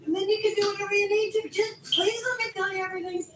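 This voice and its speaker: An actress playing a wife who hesitantly confesses and pleads to be heard. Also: female voice, very high-pitched, expressive, unhurried. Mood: pleading. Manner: hesitant, pleading, drops to a whisper. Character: guilty wife pleading to explain. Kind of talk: film drama acting. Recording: echoey, far off, faintly noisy playback.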